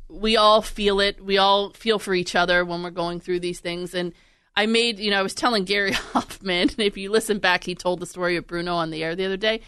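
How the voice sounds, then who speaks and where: Chatty woman host, smooth clear voice on a dry close mic. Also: medium pitch, steady tone, fairly bright tone, no room sound. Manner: chatty, laughing, quick to act out animals. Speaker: podcast host and radio producer. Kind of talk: casual chat.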